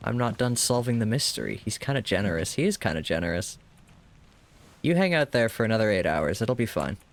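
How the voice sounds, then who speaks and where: A man's voice: fairly low pitch, expressive, quick pace. A man casually commenting on a game during a live stream, joking wryly, swearing freely and talking back to the characters.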